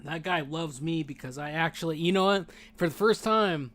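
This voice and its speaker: A man chatting casually while he plays a game, rambling and animated, saying dude a lot, and talking with his mouth full while he eats. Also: a little high, moderate pace. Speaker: gaming streamer. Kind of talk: casual gameplay chat.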